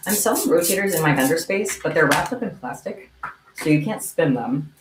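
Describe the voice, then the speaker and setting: A woman's voice: low voice, lively intonation, brisk, over music. A young woman chatting casually on a livestream while she makes bracelets at home, with a chatty manner. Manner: chatty, meows at her cat. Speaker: streamer making kandi bracelets. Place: home room. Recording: echoey room, faint ambience.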